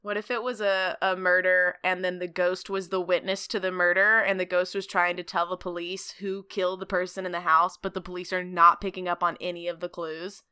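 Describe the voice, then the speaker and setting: Bright-voiced woman podcast host, playful. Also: on the low side, level tone, a little fast, hardly any pauses, smooth. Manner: playful, laughing, jokey asides. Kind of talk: casual chat, storytelling.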